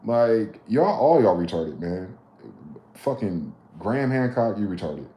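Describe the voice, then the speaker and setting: A man in his late thirties, live-streaming a heated, profane, preachy rant whose loudness swings sharply. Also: fairly low pitch, very animated, measured pace. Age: late 30s. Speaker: livestreamer. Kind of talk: ranting livestream monologue. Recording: roomy echo.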